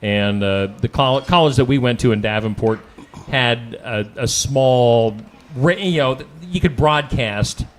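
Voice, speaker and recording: A man's voice: mid-range voice, a little slow, a little hiss or hum. A man hosting a live radio interview, chatty and easygoing with light laughs. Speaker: radio host.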